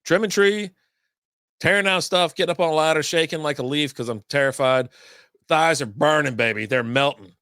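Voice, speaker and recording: A man's voice: fairly high pitch, normal speed, a bit bright, clear, resonant tone, dry recording, clean studio sound. Rambling man telling a weekend story. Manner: rambling, storytelling with many asides and fillers. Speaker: podcast host. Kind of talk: casual beer podcast monologue.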